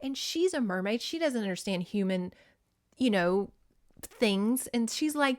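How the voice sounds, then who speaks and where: A woman, hosting a casual book recap podcast. She talks in an animated way and slips into exaggerated voices whenever she quotes the characters. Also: a little high, normal speed. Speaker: podcast host.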